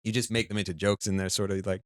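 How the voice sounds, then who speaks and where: Hesitant low-voiced young man, dry sound. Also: level tone, quick pace, clear, resonant tone, dry recording. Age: young adult. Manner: hesitant, searching for words. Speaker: podcast guest, stand-up comedian. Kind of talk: casual chat.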